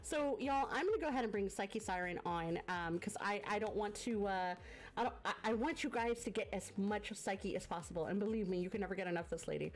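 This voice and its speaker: A woman talks fast in a medium-pitched voice, with slight background noise. She's a variety streamer with a guest, speaking casually into a desk mic, congested from a cough, and effusively thanking viewers amid many fillers.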